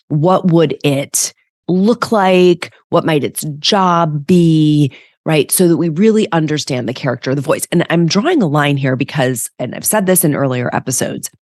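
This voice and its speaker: A woman's voice: low-pitched, no room sound, studio quality. A woman hosting a reflective self-help podcast as a coach, talking conversationally and often checking in with "right?".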